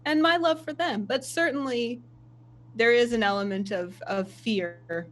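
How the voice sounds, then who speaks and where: A woman voicing a vain, imperious female ship captain who speaks in measured, self-important phrases. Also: on the high side, close to an everyday voice. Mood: haughty.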